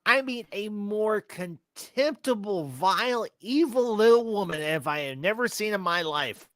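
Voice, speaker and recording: A man in his forties co-hosting a casual movie chat, telling scenes in an animated way. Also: high-pitched, measured pace, dry recording. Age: 40s. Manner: animated storyteller, acts out scenes. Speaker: movie review podcast co-host.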